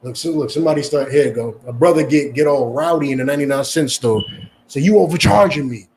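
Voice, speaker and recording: A man's voice: mid-range voice, fast talker, a little mellow, slight background noise. A male preacher giving a confrontational sermon, lecturing in a profane style and asking "You understand?" again and again. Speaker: preacher and teacher.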